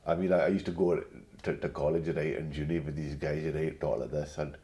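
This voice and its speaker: A man with a gentle, slightly anglicised Glasgow accent, chatting as a guest and telling anecdotes. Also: a bass voice, fairly even intonation, fairly quick. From Glasgow, Scotland. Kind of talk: casual interview chat.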